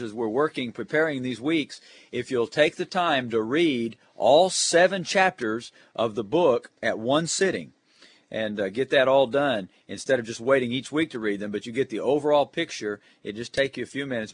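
A man's voice: medium pitch, fairly bright tone, husky. A man giving a Bible lesson preview for Sunday school teachers, earnest, reading scripture aloud in old King James English.

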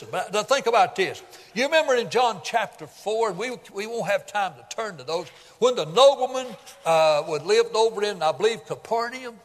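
An older man delivers a folksy sermon, swinging from loud emphatic peaks to low asides as he retells Bible stories. His voice sits high, and it rings with a long reverb from a large hall. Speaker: preacher.

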